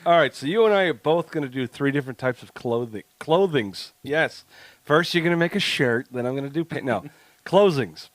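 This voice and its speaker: A man's voice: fairly high pitch, animated, moderate pace, no echo. A man co-hosting a casual podcast, joking around, laughing often and rambling with restarts. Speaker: podcast co-host.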